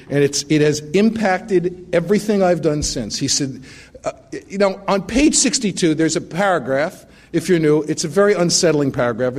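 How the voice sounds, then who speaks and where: A man's voice: fairly high pitch, a little mellow. A middle-aged man giving a personal recovery testimony, telling it in a wry, self-mocking way with frequent restarts. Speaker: recovery meeting speaker.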